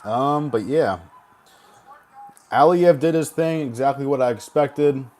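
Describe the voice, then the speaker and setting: A man's voice: medium pitch, a little slow, a little mellow, slight background noise. A young man with a sore throat hosting a casual gaming livestream, rambling and cursing as he chats. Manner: rambling, profane, jokey. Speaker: livestream host. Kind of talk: casual streaming chat.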